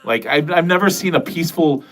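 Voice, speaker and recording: A man's voice: fairly high pitch, brisk, a bit bright, faint music behind. A man livestreaming from his basement, chatting casually and answering viewer comments in a rambling, cursing, self-mocking way. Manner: rambling, profane, self-deprecating. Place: home basement.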